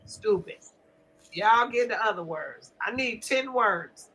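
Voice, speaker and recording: An older woman hosting a casual live stream, loud and profane, often laughing as she trash-talks. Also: medium pitch, expressive, takes it slowly, slight background noise, rough recording. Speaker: livestream host.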